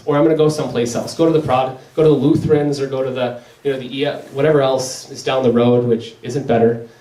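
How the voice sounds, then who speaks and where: A man's voice: mid-range voice, darkish tone. A man giving a casual talk on faith at a parish gathering, telling stories loosely with many restarts. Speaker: Catholic speaker. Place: parish hall. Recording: echoey hall, picked up from a distance.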